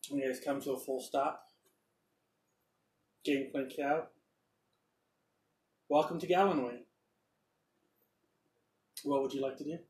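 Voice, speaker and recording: A man's voice: on the high side, a little mellow, recorded from a distance. A man narrating as game master in a rambling, hesitant way. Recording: roomy echo, off-mic.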